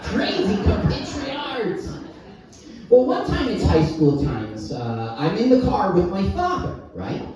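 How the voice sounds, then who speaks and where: A man's voice: sits high, wildly swooping pitch, slow pace, a little mellow, faint music behind. Middle-aged man doing stand-up, wildly swooping voice. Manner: one-liners with crowd work. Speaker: stand-up comedian. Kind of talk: stand-up comedy set. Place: live comedy club. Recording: echoey room, mic heard from a distance.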